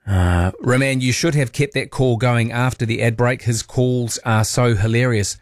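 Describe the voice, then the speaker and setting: A man's voice: mid-range voice, no room sound. Kiwi radio host guy, dry close studio sound, chatty and a bit wry. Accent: New Zealand. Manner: chatty, wry, quick to comment on callers. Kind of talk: late-night call-in radio chat. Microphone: studio microphone.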